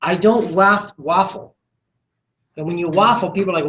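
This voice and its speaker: A man's voice: high voice, normal speed, a bit bright, a little hiss or hum. A confident, assertive man giving a live sales training talk to a small group, acting out what he says to people. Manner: confident, assertive, acts out dialogue. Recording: echoey room recording.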